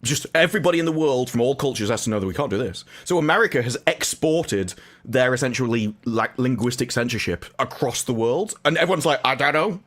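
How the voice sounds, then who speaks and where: A man's voice: medium pitch, lively intonation, brisk. A man talking animatedly and opinionatedly in a casual podcast chat, often laughing.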